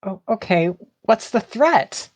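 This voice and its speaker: A woman's voice: mid-range voice, very animated, slow, a little mellow, no echo. A woman playing a tabletop game over voice chat, making dry, wry quips. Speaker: player.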